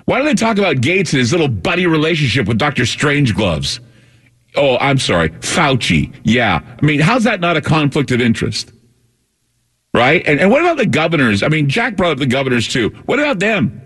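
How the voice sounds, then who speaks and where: Husky ranting male radio host. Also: a little high, sing-song, fairly quick, a bit bright. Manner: combative, ranting, sarcastic. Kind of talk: talk radio monologue.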